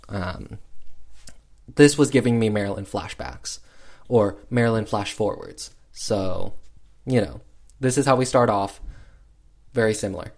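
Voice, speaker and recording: A man's voice: on the low side, a little mellow. A man casually recapping an old film with sassy, chatty commentary. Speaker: film reviewer.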